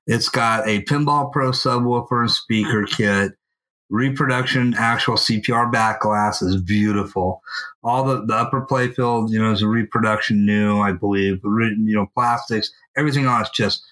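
A man co-hosting a podcast, telling a long story in a casual, animated way and swearing freely. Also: on the low side, normal speed, poor audio. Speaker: podcast co-host. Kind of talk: casual chat. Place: at home.

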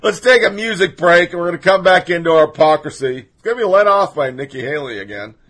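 A man's voice: a little high, lively intonation, fast talker, a bit bright. Profane, sarcastic male podcast host. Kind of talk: political commentary rant.

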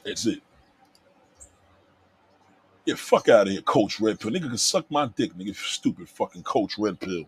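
Heated husky man ranting at chat. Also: on the low side, lively intonation, normal speed, pauses often. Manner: loud, heated, swearing, rhetorical questions, repeats himself. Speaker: livestream host reacting to chat comments. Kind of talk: profane livestream rant.

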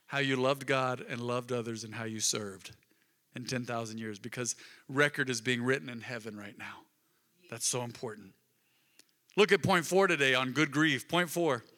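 Reverberant preacher, bright and emphatic. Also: male voice, mid-range voice, steady tone, normal speed, pauses often. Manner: swings from loud emphatic bursts to soft intimate murmurs. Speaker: pastor. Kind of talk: sermon. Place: church sanctuary. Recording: long reverb of a large hall.

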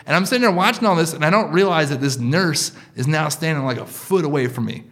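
A man in his thirties or forties spins a personal story for a live crowd, loose and chatty, leaning on fillers. His voice has a gravelly fry running under it. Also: a little high, fast, fairly bright tone. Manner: loose and conversational, full of "like" and "you know".

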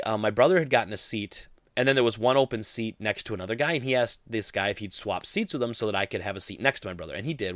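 A young man vlogging, telling a story in a rambling, animated way full of "like" fillers. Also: medium pitch, no room sound, studio quality. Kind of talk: casual storytelling to camera.

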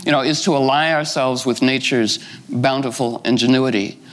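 A man's voice: medium pitch, fairly even intonation, normal speed, rough recording. A middle-aged man retelling a fairy tale informally, rambling with asides and many "you know" fillers. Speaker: storyteller.

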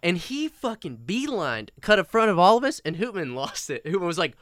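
A man's voice: high voice, sing-song, a little fast, a bit bright, dry recording, clean studio sound. A man co-hosting a podcast, telling loose anecdotes in casual chat, laughing and swearing freely. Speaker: podcast co-host.

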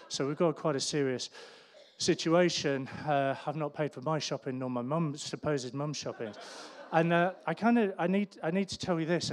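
A man preaching in a church, telling a self-deprecating story with sudden jumps in pitch and volume. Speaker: pastor. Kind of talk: storytelling sermon.

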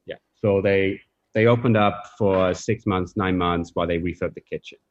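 A man's voice: deep voice, steady tone, normal speed, muffled recording. A man talking as a guest in a podcast interview, thoughtful and reflective, with loose phrasing and fillers. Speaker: coffee professional guest. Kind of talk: casual interview chat.

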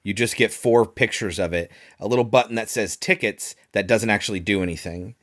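Male podcast co-host, lowish voice, analytical and easygoing film critic. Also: brisk, a bit bright. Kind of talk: casual critical chat.

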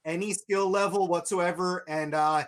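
A man's voice: high-pitched, fairly even intonation, moderate pace. A man on a show, chatting casually and easygoing about a collectible and a giveaway. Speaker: show co-host.

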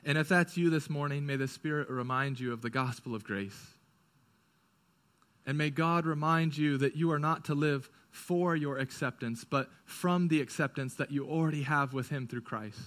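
Bright, high-voiced male pastor preaching. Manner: swings from urgent and quick to hushed and slow. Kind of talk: sermon.

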